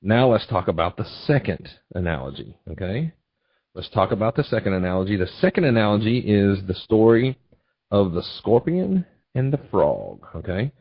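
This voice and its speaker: A man with a low voice teaches a trading webinar, telling homespun stories and checking in with his listeners. The sound is dry and close, with a slightly dull, lo-fi quality. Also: big pitch swings, normal speed, slightly rough, no echo. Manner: folksy storytelling, repetitive asides. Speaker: trading educator. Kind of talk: webinar presentation.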